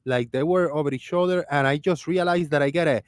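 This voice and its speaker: A man hosting a casual livestream chat, telling stories in an animated way and laughing often. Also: on the high side, fast talker, no echo. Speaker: livestream host.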